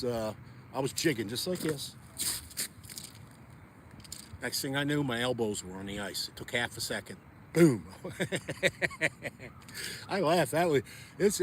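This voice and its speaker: Out on a frozen pond, a man ice fishes and chats to viewers in a rambling way, casual outdoor vlog style. His voice is mid-range, and there is slight background noise.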